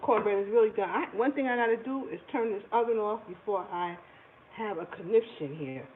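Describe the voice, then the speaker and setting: A cooking channel host with a medium-pitched voice talks a little fast during her casual home cooking livestream. She chats with viewers and laughs often from her kitchen. Faint noise runs under the tinny, phone-like recording.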